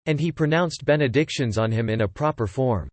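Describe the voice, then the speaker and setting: A man's voice: medium pitch, no echo. Man reading an ancient epic aloud, dry sound. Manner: even, measured reading in archaic English. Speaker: audiobook reader. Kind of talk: scripted narration of an old epic translation.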